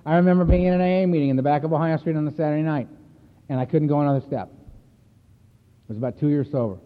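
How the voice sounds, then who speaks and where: Speaking quickly in a voice on the high side, a man tells his recovery story to a meeting, blunt and emphatic. The sound comes from an echoey meeting hall, heard over a tinny, phone-like line.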